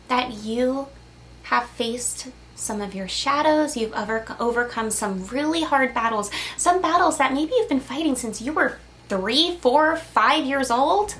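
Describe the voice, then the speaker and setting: A young woman crystal healer speaking to camera in a soft, reassuring, casual way, sometimes laughing between lines. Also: high voice. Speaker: crystal healer giving a channeled message. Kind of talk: gentle spiritual pep talk to camera.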